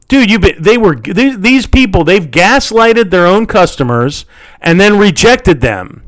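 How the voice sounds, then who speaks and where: A man hosting his own channel, delivering an angry, swearing rant that repeats its points and swings from loud outbursts to low mutters. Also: animated, unhurried. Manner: heated, swearing, repeats himself. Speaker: channel host.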